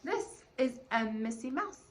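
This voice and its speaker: A woman's voice: high-pitched, very animated, unhurried. A woman teacher leading a cheerful, sing-song phonics lesson for young children, demonstrating letter sounds.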